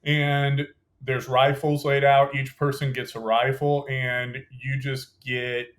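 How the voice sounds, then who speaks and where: In a laid-back interview, a young adult man who served as a Green Beret shares detailed, conversational stories of his military training. He speaks at medium pitch and leans often on "you know" and "like."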